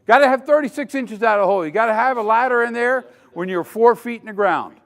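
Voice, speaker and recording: An older man with an extremely high, fairly bright voice talks fast as he delivers a dramatic safety lecture in a conference hall. As a safety trainer, he quizzes the audience throughout, and the recording carries a long hall reverb.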